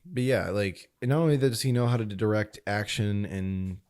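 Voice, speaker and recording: A young man co-hosting a podcast in casual chat, animated and easygoing, who swears freely and talks with a lot of fillers. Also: on the low side, moderate pace, smooth. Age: young adult. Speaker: podcast co-host.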